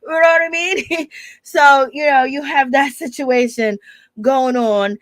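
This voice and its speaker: A young American woman chats through a reality-show recap in a gossipy, filler-heavy way. Her voice sits fairly high for a woman. The sound is dry and close, with no room around it. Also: steady tone, slow pace, dry recording. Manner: chatty, gossipy, lots of filler phrases. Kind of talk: casual recap commentary.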